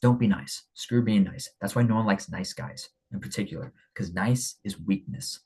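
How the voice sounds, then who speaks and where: A young man with a very low, husky voice talks casually and bluntly, hammering his points home with repeated words. He sounds like someone giving straight advice. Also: moderate pace, a little mellow, low-quality recording. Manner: blunt, emphatic, repeats himself. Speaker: speaker on men's character. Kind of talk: casual motivational talk.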